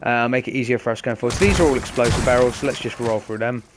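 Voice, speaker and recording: A man hosts a game session, talking viewers through every move in a chatty, explanatory way. His voice sits at a medium pitch, and he speaks directly to the audience. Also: fast talker, noisy background. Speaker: gaming host. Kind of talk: casual let's-play commentary.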